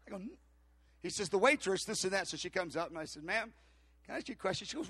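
A man's voice: sits high, quick pace, dry recording. A man preaching a sermon, telling a story and acting out the voices of the people in it. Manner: storytelling, acts out dialogue, animated. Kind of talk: sermon with anecdote.

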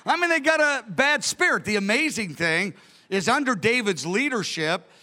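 A man preaching a sermon, telling the story lively and acting out its scenes. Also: sits high, moderate pace. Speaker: pastor.

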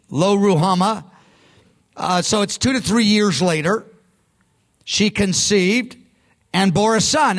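A man's voice: high voice, fairly bright tone. A man preaching a sermon in a conversational, emphatic way, often breaking off and restarting his sentences. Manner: conversational, emphatic, self-interrupting. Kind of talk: sermon teaching.

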